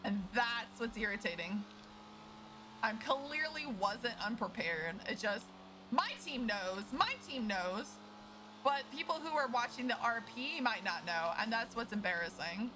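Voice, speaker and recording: Animated high-voiced woman streamer. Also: normal speed, noisy background. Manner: animated, swears freely, laughs through frustration. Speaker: streamer playing a lawyer in roleplay. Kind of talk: casual out-of-character stream chat.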